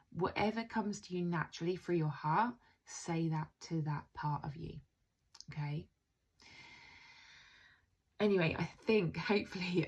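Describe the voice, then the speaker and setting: A woman teaching a self-healing method to camera, gentle and earnest, who often checks in with "right?" and speaks soothing phrases in a soft, caring tone. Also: sits low. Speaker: intuitive coach.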